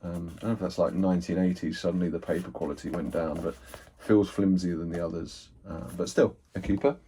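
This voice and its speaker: A man's voice: low voice, fairly even intonation, fairly quick, warm tone, slight background noise. A man chatting casually and rambling as he unboxes and sorts a haul of old books, thinking aloud and poking fun at himself. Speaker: book collector, channel host.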